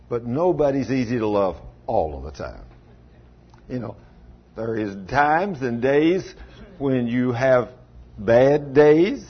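This husky, medium-pitched pastor gives a homespun sermon, laughing frequently and addressing people in the pews by name, captured in a muffled lo-fi church recording.

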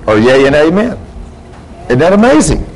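Preaching before his congregation in church, this man acts out his stories' dialogue with building emphasis. He sounds very animated, his voice a little high and slightly mellow, at normal speed. The audio quality is poor.

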